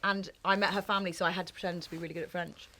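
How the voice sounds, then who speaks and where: A bright-voiced woman hosting an interview, quick-witted and teasing as she asks her questions. She speaks in a lively, playful way. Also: fairly low pitch. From Britain. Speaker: interviewer, presenter.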